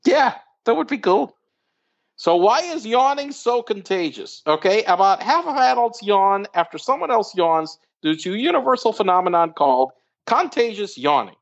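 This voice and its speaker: A woman's voice: mid-range voice, very animated, moderate pace, highs cut off. A woman co-hosting a podcast in casual chat, swearing freely and tripping over restarts. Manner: profane, exasperated, stammering restarts. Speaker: podcast co-host. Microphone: remote call line.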